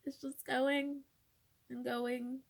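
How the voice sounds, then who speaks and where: A woman's voice: high-pitched, little pitch movement, extremely slow, creaky. A young woman talking casually into her phone, telling a personal story with lots of "like" fillers and dropping to a whisper at tense moments. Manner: chatty, frequent "like" fillers, drops to whispers when reliving moments. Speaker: vlogger.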